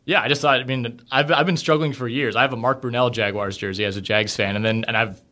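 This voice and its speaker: A man's voice: medium pitch, fairly even intonation, pushed and bright. A young man hosting a podcast in casual chat, chatty and laughing as he tells stories. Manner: fast-talking, chatty, laughs while telling stories. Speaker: podcast host.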